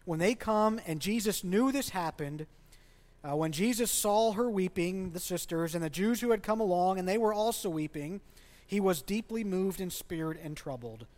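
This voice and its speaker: A man's voice: high voice, animated, normal speed, a little mellow. A man preaching a sermon as a pastor in a church, speaking conversationally and asking the congregation questions. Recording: long reverb of a large hall.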